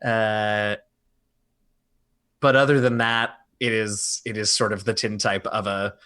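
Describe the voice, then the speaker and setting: A man's voice: on the low side, little pitch movement, slow, sharp tone. A man playing in a tabletop role-playing game, describing his character in a rambling, hesitant way with many fillers. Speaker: player. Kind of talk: casual tabletop role-play chat.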